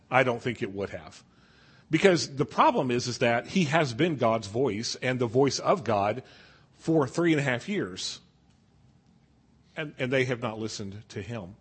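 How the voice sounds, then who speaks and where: Husky-voiced man teaching a Bible class. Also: medium pitch. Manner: conversational, asks the class questions.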